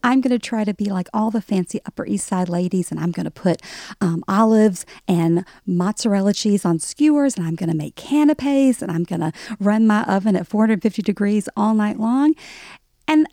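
Middle-aged Southern woman, gravelly low tone, wry humor, dry close sound. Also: lively intonation, moderate pace, warm tone, dry recording. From American South, Alabama. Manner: wry, self-deprecating humor. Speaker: author guest. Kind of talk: conversational interview.

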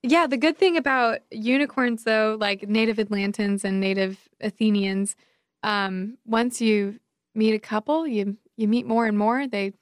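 A cheerful woman writer from Georgia talks as a podcast guest, laughing often. Her voice sits a little high, and the sound is close and dry. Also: a little slow, dry recording. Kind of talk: conversational interview.

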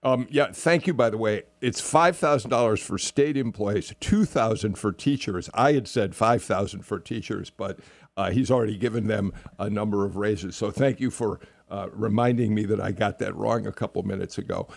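A man hosting a political radio talk show, speaking in a halting way with many fillers and a wry edge. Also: fairly low pitch, vocal fry, no room sound. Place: radio studio.

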